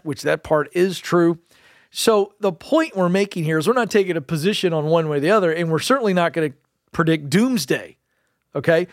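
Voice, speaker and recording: Animated man co-hosting a talk show. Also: fairly high pitch, brisk, no room sound, studio quality. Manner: animated, wry, keeps turning to his co-host. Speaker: radio show co-host. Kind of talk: casual chat.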